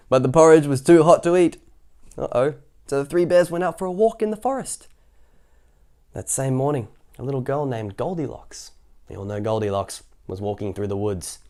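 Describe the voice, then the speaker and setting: A man's voice: medium pitch, mellow. A man reading a children's picture book aloud, in a playful way with chatty asides between passages. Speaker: children's story reader.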